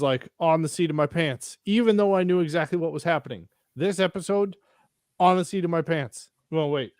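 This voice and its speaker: A man co-hosting a casual podcast, recapping a TV episode in an excitable, profane way and acting out the characters' reactions. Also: fairly high pitch, no echo, clean studio sound. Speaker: podcast co-host. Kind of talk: casual chat reviewing a TV episode.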